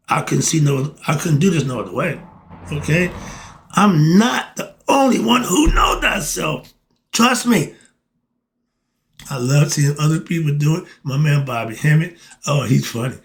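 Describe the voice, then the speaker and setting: A man giving a casual spiritual monologue to camera, preachy and colloquial, asking and answering his own rhetorical questions. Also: fairly high pitch. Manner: colloquial, often cuts himself off with 'moving on'. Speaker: self-styled philosophy teacher.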